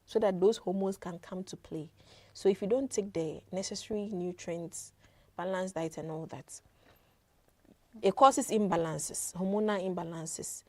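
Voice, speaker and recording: A woman's voice: lowish voice, mellow, no echo. A woman working as a midwife, earnestly explaining health advice with frequent fillers and repeated words. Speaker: midwife guest.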